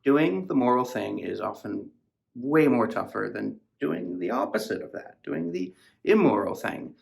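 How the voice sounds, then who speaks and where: A man's voice: mid-range voice, big pitch swings, a little slow, vocal fry. A man hosting a podcast, rambling casually about a novel in a profane, filler-heavy way. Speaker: podcast host reviewing a novel. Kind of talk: casual book discussion.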